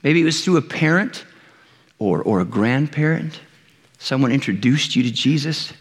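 A man's voice: medium pitch, moderate pace, breathy edge, in a large hall. A man preaching a sermon as a pastor, telling a Bible story casually and acting out the characters' lines. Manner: conversational storytelling with lively voiced retellings.

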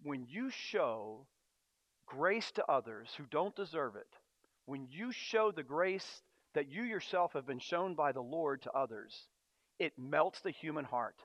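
A man preaching a sermon as a pastor, earnest and storytelling, often pausing on fillers. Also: fairly high pitch, lively intonation, fairly bright tone, dry recording. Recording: dry, dull lo-fi sound.

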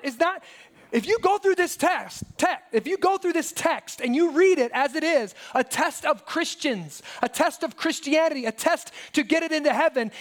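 A man's voice: very high-pitched, a bit bright. A pastor in his thirties preaching a sermon, telling stories animatedly and firing rhetorical questions at the congregation.

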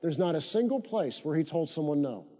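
Guy preaching a sermon, pretty high voice but mellow, keeps repeating lines and gets the church to say them back. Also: lively intonation, fairly quick. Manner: emphatic repetition, leads congregation in call-and-response. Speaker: pastor. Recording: long reverb of a church hall.

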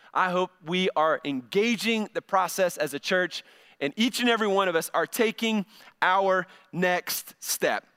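A man's voice: sits high, bright, forceful tone, clear, resonant tone. A middle-aged male pastor giving a conversational sermon, often repeating words as he starts a phrase.

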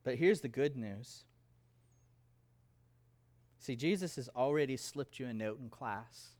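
A man's voice: medium pitch, expressive, a little slow, darkish tone. A middle-aged man preaching a sermon as a pastor, in an emphatic, conversational style with touches of humor.

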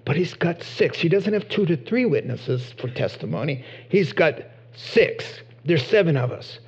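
Animated preacher with lo-fi sound. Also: male voice, moderate pace, husky. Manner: animated, acts out voices, rises to high excited peaks. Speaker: pastor. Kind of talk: sermon. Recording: dull lo-fi sound.

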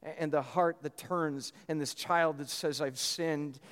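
A man preaching a sermon in a church, telling a story in a lively way with many restarts. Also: a little high, a little slow, in a large hall. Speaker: pastor.

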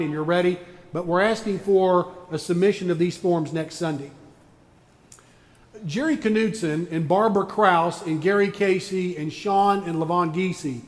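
A man's voice: high-pitched, in a large hall. A man preaching a sermon as pastor, folksy and joking as he tells stories to his congregation. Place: church sanctuary.

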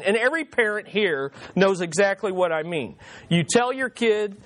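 A pastor telling humorous stories in a sermon, calling on the congregation to repeat words after him and repeating key lines for emphasis. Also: male voice, sits high, animated, normal speed, a little hiss or hum. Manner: engages congregation with call and response. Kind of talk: sermon with jokes.

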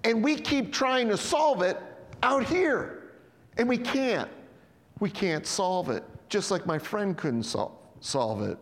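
High-voiced man preaching in a reverberant hall. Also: takes it slowly. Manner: animated, conversational preaching with sudden drops to quiet emphasis. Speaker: pastor. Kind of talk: sermon.

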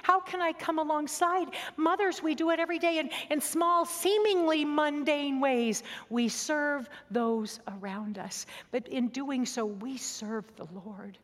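A woman preaches in an earnest, conversational way, her voice sitting a little high. She sometimes sinks to a soft near-whisper. A long reverb trails her words around a large hall. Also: unhurried, hardly any pauses. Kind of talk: sermon with personal story.

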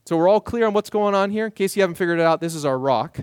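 Male pastor, high voice, dry close sound; animated sermon storyteller with playful asides. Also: racing, few pauses, smooth, no echo.

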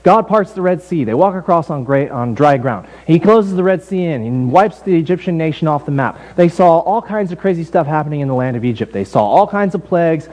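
A man delivers a sermon from the pulpit, talking to his congregation as if in conversation. His voice sits a little higher than most men's, and he slips easily into storytelling with quick asides. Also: expressive, darkish tone, rough recording. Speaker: pastor. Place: church building.

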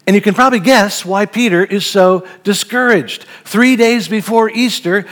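Earnest high-voiced male preacher. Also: moderate pace, a bit bright. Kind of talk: sermon with Bible reading.

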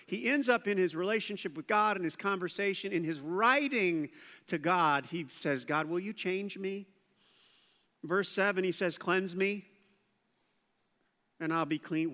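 A man preaching a sermon as pastor, animated and acting out quoted voices. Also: high-pitched. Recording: long hall reverb.

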